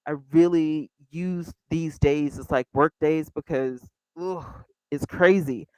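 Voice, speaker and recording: A woman in her fifties hosting a casual livestream, chatty and animated, talking straight to her viewers. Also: deep voice, takes it slowly, clean tone, no echo, low-quality recording. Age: 50s. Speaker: livestream host.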